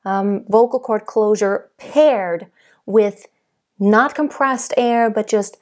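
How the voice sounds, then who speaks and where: A young adult woman giving a singing lesson, explaining technique calmly and demonstrating by singing. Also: mid-range voice, slow. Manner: calm, explanatory teacher who demonstrates by singing. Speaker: vocal coach.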